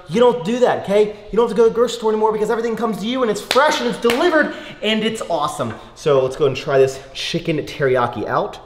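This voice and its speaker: A man's voice: high-pitched, roomy sound. Rambling, chatty young man. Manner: rambling, chatty, lots of fillers. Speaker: vlogger. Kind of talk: casual vlog talk with sponsor read.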